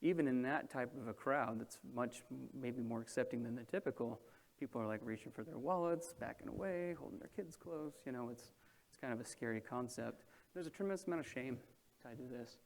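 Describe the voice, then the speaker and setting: A man's voice: mid-range voice, brisk. A man moderating a panel and addressing an audience in a room, talking in a conversational way that keeps checking in with the listeners. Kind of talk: presentation to an audience.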